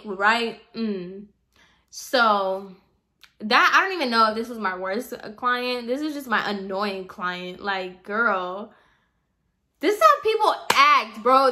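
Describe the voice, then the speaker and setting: Sassy bright-voiced young woman. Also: fairly high pitch. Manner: animated, sassy, quotes people in voices. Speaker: hairstylist vlogger. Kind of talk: casual storytime rant.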